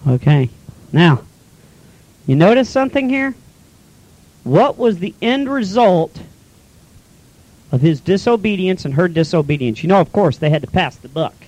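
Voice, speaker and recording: A man's voice: sits high, lively intonation, measured pace, pauses often, darkish tone, low-quality recording. A man preaching a folksy sermon, retelling scripture in plain everyday talk.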